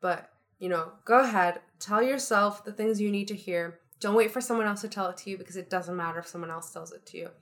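A woman's voice: mid-range voice, fast. A young woman co-hosting a podcast, talking in an upbeat, chatty, motivational way. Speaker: podcast co-host. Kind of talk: casual chat.

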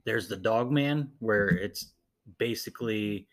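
A man's voice: on the low side, takes it slowly, fairly bright tone. A young man co-hosting a podcast, telling stories in a laid-back way with a lot of swearing. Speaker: podcast co-host. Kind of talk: casual chat, telling stories.

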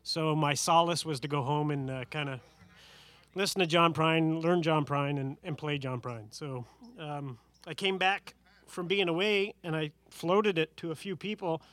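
A man's voice: fairly high pitch, steady tone, moderate pace, fairly bright tone. A man leading a band, chatting between songs on a live stage in a laid-back, rambling way with lots of fillers. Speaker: band leader. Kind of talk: casual stage banter. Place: live outdoor stage show.

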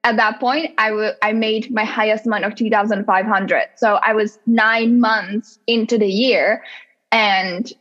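A woman guest on a casual podcast interview, telling her business story in an animated way and acting out her own past thoughts. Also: medium pitch, measured pace, dull audio.

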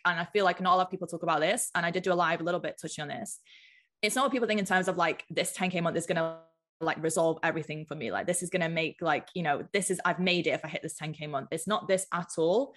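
A woman's voice: on the low side, a bit bright. A woman from the United Kingdom, a business mentor chatting casually as a podcast guest, filling her talk with "like". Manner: chatty, lots of filler "like".

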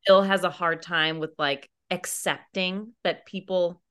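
A woman's voice: on the low side, fairly even intonation, measured pace, clean tone. A woman hosting a podcast, talking casually with many fillers and restarts and responding supportively to her co-host. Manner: warm, supportive listener, rambling with many fillers. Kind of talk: casual chat.

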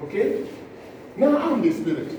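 A male preacher, delivering an impassioned sermon, acting out scenes and swinging from loud cries to low asides. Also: sing-song, measured pace. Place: church hall. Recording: echoey hall, distant mic, noisy.

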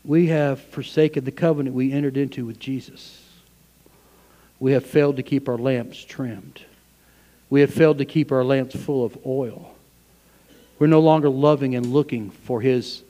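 A man preaching a sermon to his church, swinging between loud, fervent passages and hushed asides. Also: medium pitch, moderate pace, big-room sound. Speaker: pastor. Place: church sanctuary.

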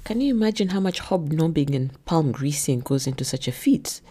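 A woman voicing a controlling, jealous man who speaks flat and cold, then bursts into shouts. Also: low-pitched, moderate pace. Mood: contemptuous.

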